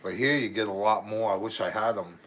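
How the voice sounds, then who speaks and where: A man's voice: fairly low pitch, steady tone, a little fast, fairly bright tone, slight background noise. An older man co-hosting a casual livestream, joking and teasing in easy chat. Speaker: co-host.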